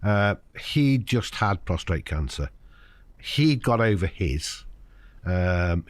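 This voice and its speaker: A man's voice: deep voice, no room sound. An older man, a podcast guest, tells a personal story frankly and acts out the voices of the people in it. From United Kingdom. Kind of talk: candid conversational storytelling.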